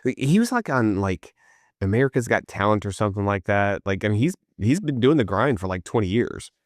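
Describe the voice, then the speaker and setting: Low-voiced man telling animated stories. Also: brisk, no room sound, studio quality. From East Tennessee. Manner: animated storyteller, lots of "like". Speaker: podcast co-host. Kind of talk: casual podcast chat.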